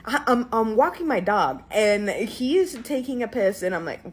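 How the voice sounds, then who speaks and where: A woman's voice: fairly high pitch, animated, unhurried, few pauses, breathy edge. A woman content creator telling a story to camera in a dramatic, exaggerated way. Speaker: social media creator. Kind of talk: casual chat to camera.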